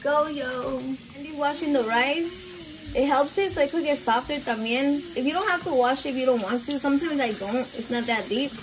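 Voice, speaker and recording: High-voiced, foul-mouthed woman. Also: moderate pace, noisy background. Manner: crude, profane, animated storytelling. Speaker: home cook filming a recipe video. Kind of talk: casual cooking vlog chat. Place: home kitchen.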